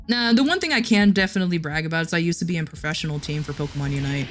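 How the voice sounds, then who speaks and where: A woman livestreamer chatting casually with her chat, giggling often and restarting her sentences. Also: deep voice.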